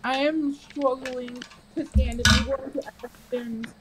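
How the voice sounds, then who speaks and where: High-voiced woman player, noisy background. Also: steady tone, unhurried. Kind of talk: casual tabletop play.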